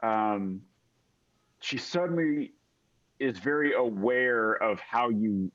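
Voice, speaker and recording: A man's voice: mid-range voice, takes it slowly, a bit bright. Rambling male game master, dull audio. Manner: rambling, full of fillers. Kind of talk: narrating a tabletop game.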